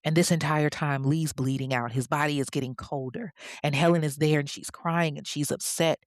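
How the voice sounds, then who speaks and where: A podcast host telling a true-crime story in a chatty, conversational way, full of asides to the listener. The voice sits in a middle pitch. It is recorded close and dry, with no room echo. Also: fairly even intonation, normal speed.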